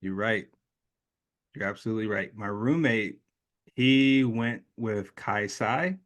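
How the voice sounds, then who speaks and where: A man in his late thirties, an interview guest, telling a personal story in a lively way and acting out the voices of the people in it. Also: fairly low pitch, takes it slowly. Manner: animated storyteller, acts out quoted voices.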